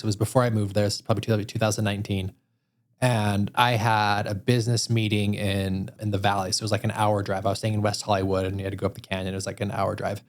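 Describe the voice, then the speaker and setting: A man from Utah hosting a podcast, telling stories in a casual, animated way. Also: on the low side. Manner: animated storyteller. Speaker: podcast host. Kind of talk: casual interview chat. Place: podcast studio room.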